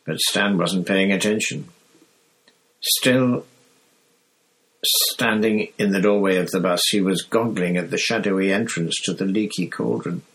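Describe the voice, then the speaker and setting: A man reading a novel aloud in steady, measured narration. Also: sits low, rough recording. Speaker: audiobook reader. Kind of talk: scripted narration.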